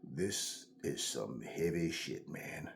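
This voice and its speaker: A man putting on a grave male 1970s movie detective who talks in a slow, low, deadpan murmur. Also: gravelly, a little hiss or hum, full character voice.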